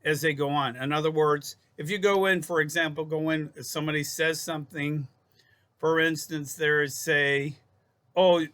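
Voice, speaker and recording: Bright-voiced man giving self-help advice. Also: a little high, smooth. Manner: rambling, repeats and restarts phrases, addresses viewers as folks. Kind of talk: casual self-help talk to camera.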